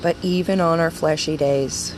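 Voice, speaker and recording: A woman's voice: low-pitched, fairly even intonation, normal speed, background noise. A young woman leading a women's ministry, giving an earnest devotional talk and repeating phrases for emphasis.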